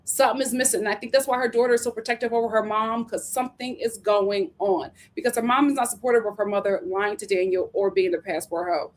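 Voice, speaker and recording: A woman's voice: medium pitch, fast talker, hardly any pauses, slight background noise. Sassy woman recapping reality TV. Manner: sassy, animated, laughs often. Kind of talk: casual recap chat.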